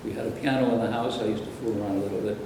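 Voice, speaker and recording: A man's voice: fairly low pitch, fairly even intonation, racing, very echoey, recorded from a distance, noisy background. An older man from Brooklyn, New York, reminiscing in a rambling, anecdotal way during an interview. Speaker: interviewee, former radio announcer.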